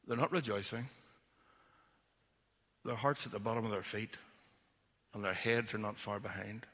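A man preaches a sermon in a long-reverb hall. His voice is bright and forceful. He tells the story with drama and acts out what its people say. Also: moderate pace. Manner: storytelling, acts out quoted voices with rising pitch.

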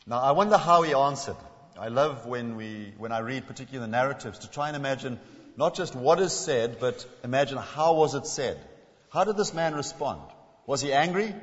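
A man preaching a sermon as a visiting speaker, shifting between emphatic points and hushed, slowed quotations. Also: mid-range voice. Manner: dramatic, drops to a hush when quoting. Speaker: guest preacher. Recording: dull sound with long hall reverb.

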